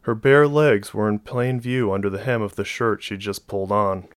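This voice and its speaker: Low-voiced male audiobook narrator. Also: fairly even intonation, moderate pace, no echo.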